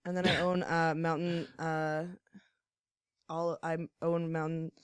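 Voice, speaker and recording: A woman's voice: deep voice, flat delivery, takes it slowly, smooth, no echo, studio quality. A young woman chatting as a guest on a podcast, playful and giggly, often trailing off and restarting. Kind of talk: casual podcast banter. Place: podcast studio.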